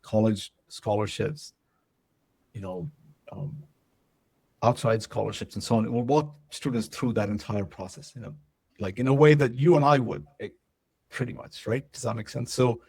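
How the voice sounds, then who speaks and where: A man's voice: fairly low pitch, moderate pace, gravelly, a little mellow, breathy edge, no room sound. A man presenting a webinar, talking loosely with lots of fillers and asking if things make sense. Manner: loose and conversational, many fillers and checks for understanding. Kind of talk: casual webinar talk.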